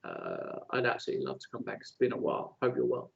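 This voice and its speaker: A man's voice: medium pitch, huge pitch swings, quick pace, gravelly. A man co-commentating chess on a live stream, friendly and teasing in an easygoing way. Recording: dull lo-fi stream audio.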